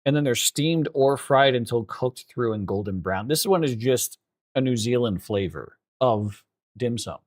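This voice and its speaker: A man's voice: mid-range voice, lively intonation, unhurried, dry recording. Man, casual food chat, laughs a lot, swears, dry close sound. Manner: laughing, swears freely, trails off mid-sentence. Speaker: co-host.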